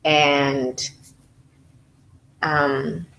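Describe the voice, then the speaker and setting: A woman's voice: sits low, flat delivery, extremely slow, reverberant, noisy background. A mother telling her home birth story to a group, candid and profane, acting out her own screams. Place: room at a baby celebration.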